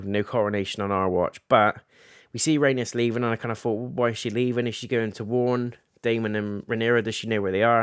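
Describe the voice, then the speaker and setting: A man's voice: fairly low pitch, fairly bright tone, dry recording, studio quality. A man gives a casual episode review, animatedly recapping scenes and acting out the characters' lines.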